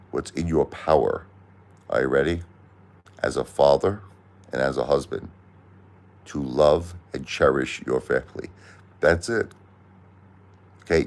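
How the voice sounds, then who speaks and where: Gravelly, very deep-voiced man. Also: a little mellow. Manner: blunt, repetitive, preachy advice. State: close to tears. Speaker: livestream host. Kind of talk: emotional live-stream talk to a caller.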